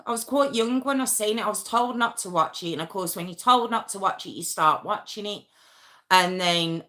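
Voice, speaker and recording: A woman's voice: on the low side, fairly bright tone. A woman telling a true crime story on a casual live stream at home, chatty and rambling, with asides and restarts.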